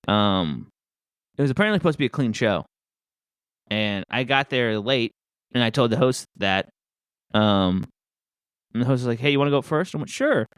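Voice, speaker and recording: A man who does stand-up, chatting casually and telling stories with quick voiced asides. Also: mid-range voice, a bit bright, clear, resonant tone, no echo, clean studio sound. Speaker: podcast host and stand-up comic. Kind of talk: casual chat.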